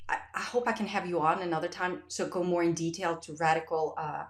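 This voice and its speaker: A woman hosting a podcast interview, talking in an effusive, animated way in casual chat. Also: lowish voice, brisk. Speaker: podcast host. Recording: roomy echo.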